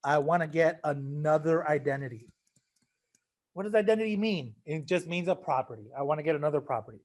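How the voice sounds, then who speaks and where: A man's voice: a little high, animated, brisk, a little mellow. A man teaching a math lesson, casual and joking, talking straight to his students. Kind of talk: recorded class lecture.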